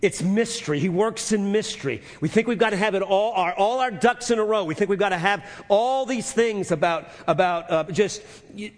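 A man preaching a sermon as a pastor, retelling scripture with emphatic repetition and dropping to soft, intense moments. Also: high voice, normal speed, few pauses. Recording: long reverb of a large hall.

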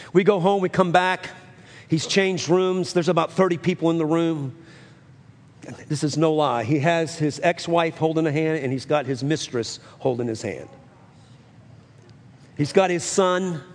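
An earnest male preacher tells a story from the pulpit, leaning hard on his words and circling back over phrases. His voice sits a little high for a man, and a long hall reverb trails behind every line. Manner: earnest, emphatic, repeats and restarts phrases. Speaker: pastor. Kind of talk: sermon storytelling.

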